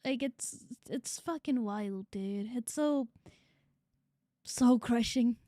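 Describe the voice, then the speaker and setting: A woman's voice: on the high side, slow pace, mellow, no echo, clean studio sound. A woman VTuber streaming a casual reaction, emotional, laughing often and swearing freely.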